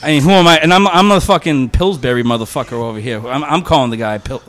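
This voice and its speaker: A man's voice: on the high side, fast, a bit bright. A man hosting a podcast in casual chat, crude and joking, swearing a lot. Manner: crude, joking, heavy swearing, frequent laughs. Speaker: podcast host.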